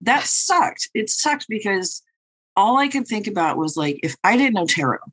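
A woman's voice: medium pitch, very animated, moderate pace, a bit bright, slightly rough, rough recording. Profane, wry woman telling a story. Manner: profane, wry, laughing through her stories. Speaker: podcast co-host and tarot reader. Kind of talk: casual storytelling chat.

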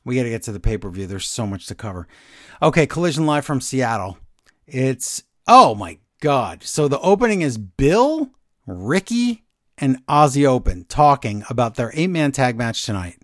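A man co-hosts a wrestling podcast with wry asides and quick, agreeable reactions. His pitch moves a lot. The sound is dry and close, with no room echo. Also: big pitch swings. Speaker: podcast co-host. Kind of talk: casual wrestling recap chat.

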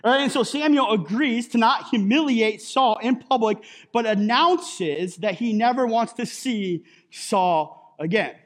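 A man's voice: extremely high pitch, unhurried, few pauses. A man preaching a sermon as pastor in a conversational way, with jokey asides and a habit of adding "right?" after his points.

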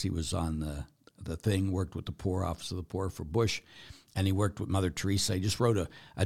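An older man, a priest, answering viewer questions live, hushed and slow in reflection, then animated and laughing as he tells stories. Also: lowish voice. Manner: animated, laughs and gets loud telling stories. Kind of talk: live Q&A, reading viewer comments.

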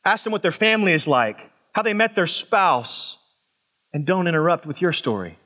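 High, bright-voiced pastor preaching. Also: male voice, normal speed. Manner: expressive, swings from loud emphatic highs to low quiet asides. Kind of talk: sermon.

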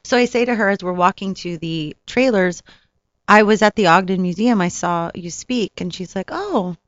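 A woman, an actress, telling stories from set in a casual interview, animated and laughing often. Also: mid-range voice, moderate pace, no room sound, lo-fi sound. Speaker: actress, guest. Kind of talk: casual storytelling.

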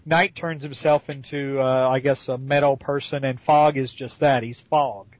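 A man's voice: medium pitch, steady tone, moderate pace, dry recording, lo-fi sound. A man co-hosting a casual chat, sarcastic and fond of mocking with silly voices. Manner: sarcastic, mocks with put-on voices. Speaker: podcast co-host.

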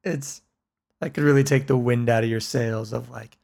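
Gravelly-voiced guy cohost, jumps in with jokey reactions, mid-pitched. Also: moderate pace. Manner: animated reactions, joking. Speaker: podcast co-host. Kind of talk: casual chat.

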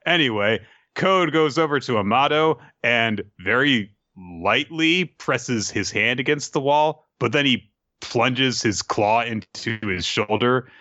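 A man's voice: mid-range voice, slow, no echo. A man chatting casually as host, recapping a comic with wry asides, on a dull, dry lo-fi recording. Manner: animated, wry.

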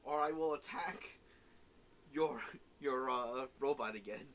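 A man's voice: medium pitch, unhurried, a bit bright, slight background noise, poor audio. A man teasing and bantering while watching a movie with a friend. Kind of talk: casual movie-watching commentary.

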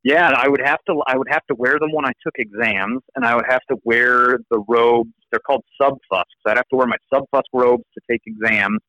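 A man with an American accent, a law professor guest telling stories in an animated, restarting way. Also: mid-range voice, fairly quick, few pauses, dry recording, muffled recording. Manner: animated, repeats words as he restarts. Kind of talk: casual storytelling interview.

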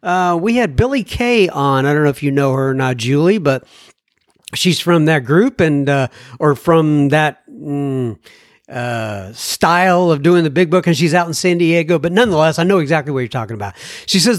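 A man with a high voice hosts a podcast, reading out listener emails and adding chatty, self-mocking asides. The sound is close and dry, with no room around it. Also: animated, moderate pace, no room sound. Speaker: podcast host. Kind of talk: reading listener emails aloud with casual commentary.

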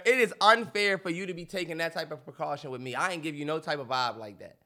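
A man's voice: high-pitched, sharp tone. A man co-hosting a podcast, arguing emphatically and exasperated in heated debate, losing his voice. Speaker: podcast co-host.

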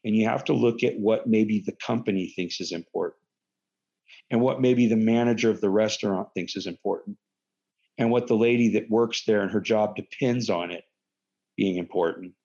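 A man telling a funny story casually, animated and profane. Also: moderate pace, creaky, muffled recording. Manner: animated, profane, big pitch jumps.

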